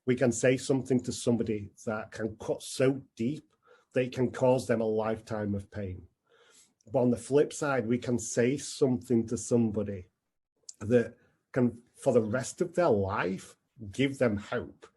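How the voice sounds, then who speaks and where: Male speaker, reflective storyteller, mellow, slightly raspy voice. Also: medium pitch, measured pace. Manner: earnest and reflective. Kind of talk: personal storytelling talk.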